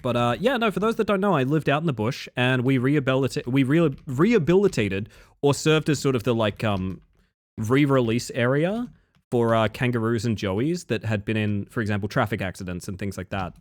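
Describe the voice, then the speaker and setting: A man's voice: medium pitch, animated, a little fast, dry recording. A young Australian man streaming live, rambling and joking with his chat and swearing freely.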